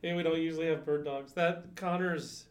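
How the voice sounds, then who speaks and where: A man with a fairly high voice reacts in a relaxed podcast conversation, dry and self-deprecating in his asides. He speaks plainly, with no put-on voice. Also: normal speed. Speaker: departing podcast regular. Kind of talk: casual chat.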